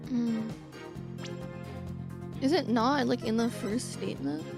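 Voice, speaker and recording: A woman chatting along as co-player on a game stream, hesitant and peppered with "like". Her voice sits a bit high with a gravelly fry, and game music plays clearly behind her. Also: lively intonation, takes it slowly. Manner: hesitant, lots of "like", trailing off. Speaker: co-player and voice acting partner. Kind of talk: casual chat.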